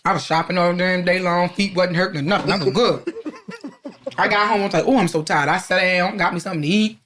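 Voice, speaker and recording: A woman's voice: on the low side, fast talker, a crowd in the background. A young adult woman co-hosting a podcast, telling a story in a casual chat, swearing and acting out the lines she quotes. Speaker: podcast co-host.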